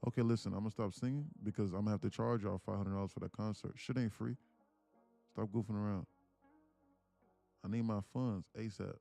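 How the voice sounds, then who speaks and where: A man's voice: fairly low pitch, steady tone, brisk, gravelly, pauses often, mellow, faint music behind. A man mentoring viewers on a live trading stream, talking in loose slang and calling the chart as it moves. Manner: loose slangy talk, sings and laughs between chart calls. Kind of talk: casual livestream commentary.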